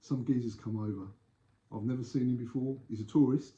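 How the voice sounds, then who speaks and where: An older man tells animated stories from his past, slipping into the voices of the people in them. His voice is mellow and dark. The room is echoey and the recording sounds dull and lo-fi. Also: mid-range voice, a little fast. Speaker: interview guest, former doorman. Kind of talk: casual storytelling.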